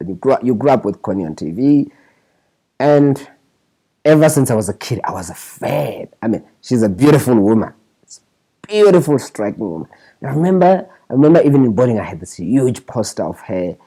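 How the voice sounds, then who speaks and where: A man's voice: medium pitch, a little fast, breathy edge, poor audio. A South African scriptwriter being interviewed, telling his stories with animation and often restarting his phrases. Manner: animated, restarts phrases, mimics others' voices in quotes. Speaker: scriptwriter guest. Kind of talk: candid interview storytelling.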